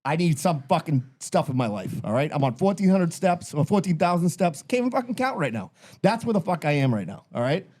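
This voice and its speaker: A man's voice: on the high side, expressive, brisk, hardly any pauses, darkish tone. A man in his thirties co-hosting a podcast, ranting in a tired, exasperated way and swearing constantly. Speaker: podcast co-host. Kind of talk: casual chat.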